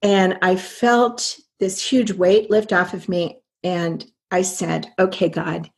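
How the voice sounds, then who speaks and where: Interview guest, older woman, earnest and reflective storyteller, mid-pitched voice. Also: takes it slowly. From American Midwest. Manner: earnest, reflective, speeds up when recalling inner dialogue.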